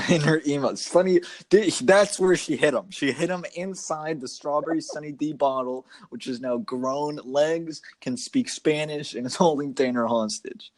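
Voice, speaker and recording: A man's voice: on the high side, moderate pace, dry recording. A young man co-hosting a podcast in casual chat, swearing freely and laughing as he riffs on jokes. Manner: profane, laughs often, loose joking rambles. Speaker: podcast co-host.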